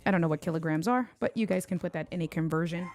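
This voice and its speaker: A woman's voice: fairly low pitch, quick pace, darkish tone. A woman from Puerto Rico hosting a casual livestream unboxing at home, chatting and bantering with viewers in the chat. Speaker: tech livestream host.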